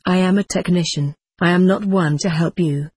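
Haughty young female technician, curt and aloof, read by a man, husky, dry. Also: sits high, fairly even intonation, normal speed, darkish tone, no echo.

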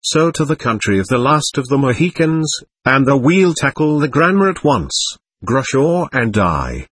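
A man's voice: medium pitch, big pitch swings, moderate pace, a bit bright, breathy edge, no room sound. A man voicing a passionate, anguished young prisoner, speaking fervently and pleadingly.

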